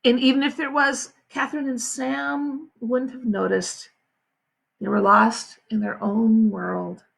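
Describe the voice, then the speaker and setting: A woman school principal reading a novel aloud to her students with expressive storytelling. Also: on the high side, takes it slowly, gravelly, slightly rough. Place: home, livestream.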